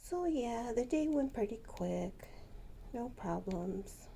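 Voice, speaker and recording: A woman at home talks to her pet birds in doting, teasing baby talk. Her voice sits a little high but sounds dark and gravelly. She takes her time over every phrase. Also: expressive, slow, slight background noise. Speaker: pet bird vlogger. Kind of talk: casual chat to pet birds.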